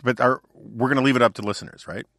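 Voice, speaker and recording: A man hosts a podcast in an easygoing, amused way, chatting loosely. His tone is bright and lively. The sound is dry and close to the mic. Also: mid-range voice, fast, gravelly, no echo. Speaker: podcast host. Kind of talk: casual chat.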